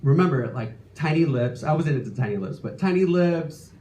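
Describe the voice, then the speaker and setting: A man in his late thirties telling a self-deprecating personal story live on stage, animated and exasperated in places. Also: fairly high pitch, moderate pace. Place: stage before a live audience. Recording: echoey room, faint ambience.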